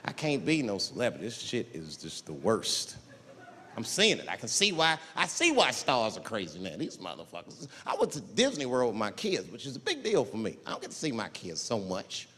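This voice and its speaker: A young adult man doing a stand-up comedy set, telling profane stories and acting out characters in loud, high voices. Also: wildly swooping pitch, moderate pace, slightly rough, in a large hall.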